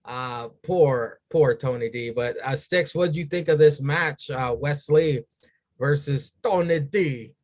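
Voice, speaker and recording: A man's voice: medium pitch, measured pace, few pauses. A man hosting a casual wrestling podcast, running through matches with crude jokes and asking his co-hosts for their thoughts. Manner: crude, joking, leads the rundown. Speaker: podcast host.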